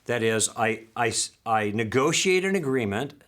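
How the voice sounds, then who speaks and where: A man's voice: mid-range voice, lively intonation, normal speed, fairly bright tone. A man teaching a lesson in a friendly, patient way, sometimes acting out sample lines.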